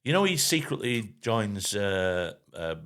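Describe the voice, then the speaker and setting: Animated male podcast host giving opinions. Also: on the low side, slow. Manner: chatty opinions, animated and laughing. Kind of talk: casual podcast chat.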